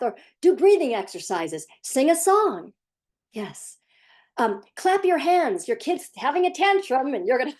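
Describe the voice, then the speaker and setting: A woman parent coach talking casually to the camera in a sarcastic, animated way, sometimes laughing as she speaks. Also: fairly high pitch. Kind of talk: casual vlog commentary.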